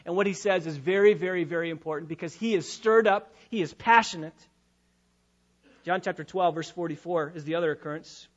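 A male pastor preaching a sermon, dropping to quiet, quick asides and rising to loud, drawn-out emphasis. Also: on the high side, dull audio.

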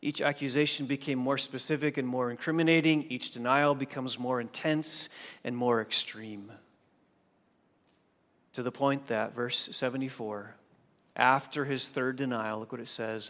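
A man preaching a sermon as pastor, swinging from hushed, drawn-out phrases to loud emphatic lines. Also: medium pitch, steady tone, big-room sound.

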